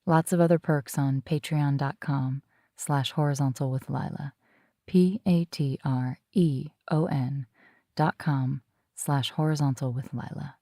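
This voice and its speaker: A woman's voice: a bass voice, steady tone, unhurried, dark tone, no echo, clean studio sound. A woman hosting a podcast, flirtatious and wry, talking while lying in bed. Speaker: podcast host. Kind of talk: scripted intro narration and casual interview chat.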